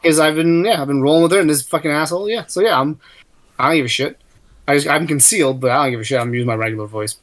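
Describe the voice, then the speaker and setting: A man's voice: on the high side, very fast, fairly bright tone. A man playing a tabletop game, describing his character's actions in a rambling way and speaking heatedly in character with a lot of swearing. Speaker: player. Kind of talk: casual tabletop role-play.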